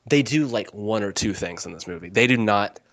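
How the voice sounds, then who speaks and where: A man chatting casually on a podcast, opinionated and excitable. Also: on the low side, a little fast, no room sound.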